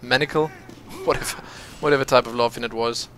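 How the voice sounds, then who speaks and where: A man casually commentating his own online shooter match, excitable and chatty, laughing often and calling out to teammates. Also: a little high, brisk. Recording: noisy game audio under the voice.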